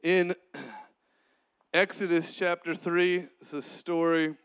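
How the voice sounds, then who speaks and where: A man preaching a sermon as a pastor, with long pauses and sudden drops to a soft voice. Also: high voice, clear, resonant tone.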